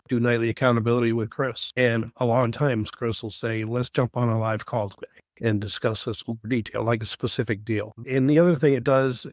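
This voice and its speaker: A man's voice: medium pitch, no echo. Man co-host explaining in a dry close sound. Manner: earnest storytelling, explanatory. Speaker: podcast co-host. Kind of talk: casual podcast chat.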